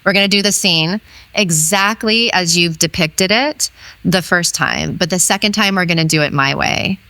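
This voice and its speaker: A woman being interviewed as an intimacy educator, telling a story in an animated way and acting out the quoted dialogue. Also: on the low side, moderate pace, no echo.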